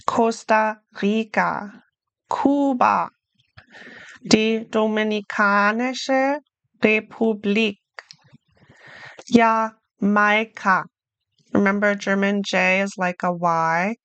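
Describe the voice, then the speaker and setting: A woman teaching a beginner German lesson in English, modelling each word slowly and asking learners to repeat after her. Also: medium pitch, fairly bright tone, smooth, no room sound. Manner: slow, deliberate pronunciation drills with repeat-after-me prompts.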